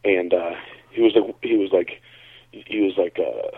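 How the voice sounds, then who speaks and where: A man from Connecticut, a bodybuilder, telling a story in a relaxed, rambling way on a call-in show, heard over a tinny phone line. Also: sits low, a little fast, husky, dry recording. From Connecticut, USA. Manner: relaxed, rambling, lots of fillers. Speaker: bodybuilder and caller.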